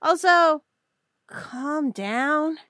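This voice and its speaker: Female podcast co-host who is slow-spoken and teasing, with a lively pitch and a dry close sound. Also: dry recording. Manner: teasing, reactive, wry asides. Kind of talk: casual chat.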